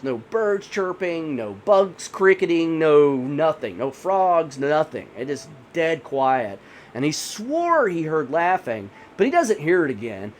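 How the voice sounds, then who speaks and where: A man with a high, lively voice tells a spooky campfire-style tale in casual, rambling speech, leaning on "you know" again and again. A faint hiss sits under the recording. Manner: rambling, many 'you know' fillers. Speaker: horror storyteller. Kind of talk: casual spoken horror storytelling.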